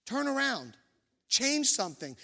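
Male pastor, thirties, high voice, self-deprecating storyteller, church hall with long reverb. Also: big pitch swings, measured pace, vocal fry, sharp tone. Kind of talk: sermon with personal story.

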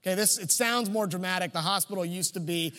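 A man's voice: high-pitched, quick pace, sharp tone, long reverb tail. A man preaching a sermon, telling a personal story in a conversational, humorous way. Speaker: pastor.

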